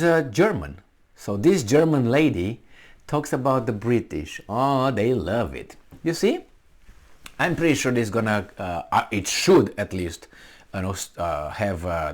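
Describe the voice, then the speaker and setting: A man delivering sarcastic political commentary to his viewers, reading news aloud and mocking it. He talks slowly, with his pitch swinging widely between lines.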